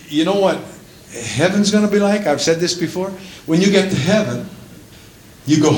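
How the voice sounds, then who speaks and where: A man preaching a sermon as a pastor, breaking often into praise and hallelujahs and building up to shouting at the climaxes. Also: on the high side, expressive, normal speed, echoey room, a little hiss or hum, rough recording.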